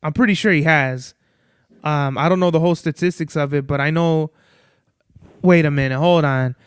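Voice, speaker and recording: A man's voice: a little high, moderate pace, smooth, no room sound, studio quality. A young man hosting a podcast on his own, talking casually in a rambling, profane way. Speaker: podcast host. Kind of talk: casual solo podcast talk.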